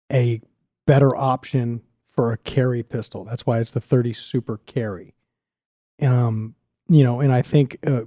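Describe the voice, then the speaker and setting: Man, middle-aged, enthusiastic, restarts often, warm mellow voice, dry close mic. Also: medium pitch, dry recording. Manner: enthusiastic, talks fast with restarts. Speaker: podcast guest. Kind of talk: casual podcast chat.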